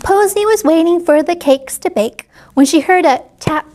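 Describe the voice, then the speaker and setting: Gentle high-voiced woman reading to kids. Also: moderate pace. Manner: gentle, exclamatory, asks children questions. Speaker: children's librarian. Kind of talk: children's story read-aloud.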